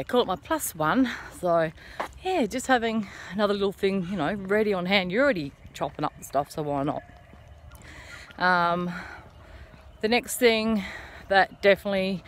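Woman, thirties, casual walking vlog, chatty and encouraging, faint outdoor noise. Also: lowish voice. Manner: chatty, encouraging, talks to camera. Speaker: vlogger. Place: outdoors on an early morning walk.

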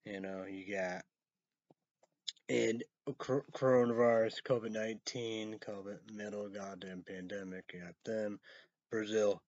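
A man vlogging in a rambling casual monologue, spelling words out letter by letter and breaking into high excited outbursts. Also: unhurried, no echo. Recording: dull lo-fi sound.

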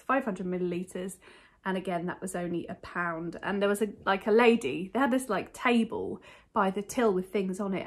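A woman's voice: mid-range voice, breathy edge. A woman with a British accent chatting casually to camera at home, showing off thrifted finds in a rambling, enthusiastic way. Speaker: vlogger showing a thrift haul. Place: at home, indoors.

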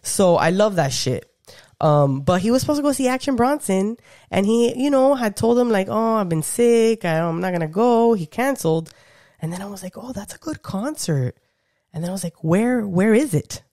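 A woman co-hosting a podcast in casual chat, animated and laughing often. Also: mid-range voice, normal speed, no echo, clean studio sound. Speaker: podcast co-host.

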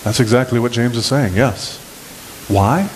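A man preaching a sermon as pastor, animated and lively, acting out the scripture scenes as he goes. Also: mid-range voice, a little slow, a little hiss or hum, poor audio.

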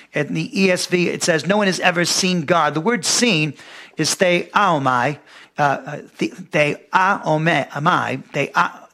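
A middle-aged man teaching a Bible lesson with a bright, forceful voice that sits a little above the usual male pitch. He works through scripture carefully and explains Greek words. He often stops on fillers and restarts his sentences. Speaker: pastor.

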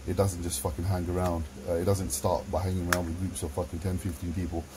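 Blunt, low-voiced man. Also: level tone, fast talker, background noise. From London. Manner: blunt and heavy with swearing. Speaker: vlogger. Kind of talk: casual monologue to camera.

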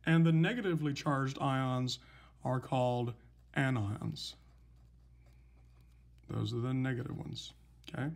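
A man teaching a recorded chemistry lesson, explaining patiently and slowly with some fillers. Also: mid-range voice. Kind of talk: recorded lecture, writing examples.

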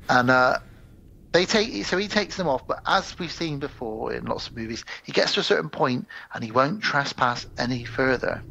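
A man co-hosting a podcast, casually retelling a film's plot with animated asides and quick acted-out quotes. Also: mid-range voice, gravelly, low-quality recording. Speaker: podcast co-host. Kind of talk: casual chat.

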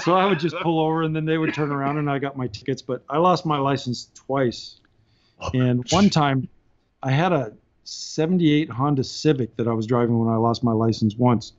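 A man's voice: medium pitch, normal speed, highs cut off, slight background noise. A man, a podcast guest, telling casual stories and laughing through his anecdotes. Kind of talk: casual storytelling.

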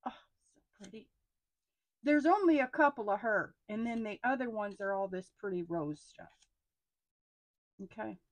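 A middle-aged woman, chatting casually as she unboxes stationery. She gushes with excitement and often drops into hushed asides. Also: mid-range voice, moderate pace, long pauses, no room sound. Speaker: stationery haul vlogger.

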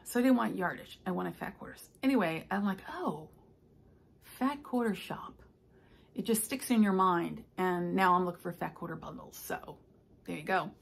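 An older woman talks through her stitching plans in a loose, rambling home chat. Her voice carries a gravelly fry, and she fills pauses with ums and asides. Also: medium pitch, fairly bright tone. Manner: chatty, rambling, with many fillers. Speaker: stitching vlogger. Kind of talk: casual chat. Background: household noises, clock and ice maker.

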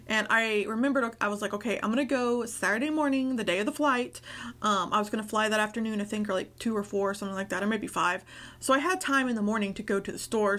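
A woman's voice: fairly high pitch, fairly bright tone. Chatty woman with a raised voice. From Nashville, USA. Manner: rambling, chatty, frequent filler words. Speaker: YouTuber sharing a testimony. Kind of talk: casual personal storytelling.

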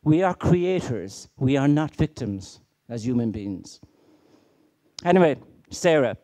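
A man's voice: mid-range voice, expressive, measured pace, mellow. A middle-aged man giving a conference keynote, emphatic and full of rhetorical questions and stories. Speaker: keynote speaker.

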